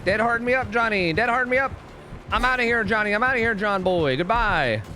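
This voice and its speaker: A young man streaming gameplay, swearing a lot and swinging between shocked yells and low mumbled asides. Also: brisk. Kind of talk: live gameplay commentary. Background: game music.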